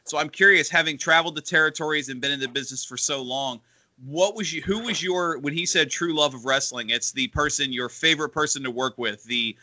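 A man co-hosts an interview and asks his questions haltingly, with plenty of fillers. His voice is very bright and sharp and sits a bit high. The sound is close and dry. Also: dry recording. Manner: halting, hesitant, many fillers. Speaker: co-host. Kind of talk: podcast interview.

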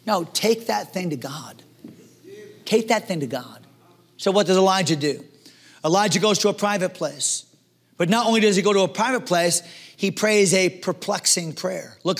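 Man, pastor, sermon, high voice, animated, hushed to loud. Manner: animated preaching, acts out quoted voices, swings from hushed to loud.

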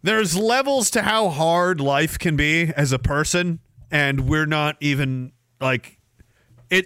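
A man's voice: on the high side, sharp tone, dry recording, clean studio sound. A man hosting a live stream podcast, ranting sarcastically and acting out quoted voices. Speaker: podcast host.

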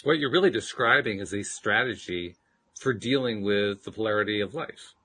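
A man co-hosting a casual podcast, calmly summing up and reflecting on what his partner says. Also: on the low side, normal speed, slightly rough. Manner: calm, reflective, sums up points. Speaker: podcast co-host.

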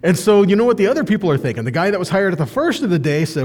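A man teaching a conversational sermon, animated and acting out the people in the story. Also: high voice, quick pace, few pauses, in a large hall. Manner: animated, acts out quoted voices. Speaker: bible teacher.

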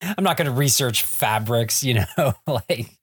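A man's voice: mid-range voice, expressive, a little slow, fairly bright tone, husky, no room sound, studio quality. A man co-hosting a podcast, chiming in with joking asides, laughter and casual swearing. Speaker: podcast co-host. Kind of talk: casual comic book discussion.

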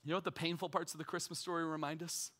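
High, bright-voiced male preacher. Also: fairly even intonation, racing. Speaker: pastor. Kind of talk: sermon. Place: church.

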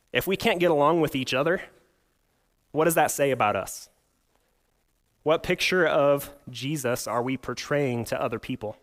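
A young man preaching a sermon at a middle pitch. He reads scripture, asks the listeners rhetorical questions, and drifts into a humorous personal anecdote told in an easy storytelling way. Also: fairly bright tone. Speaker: pastor.

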